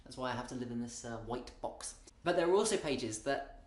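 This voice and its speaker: A man's voice: mid-range voice, a little fast. Wry British man in an echoey room. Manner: wry, rambling, self-interrupting. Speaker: comedian. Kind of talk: comic monologue.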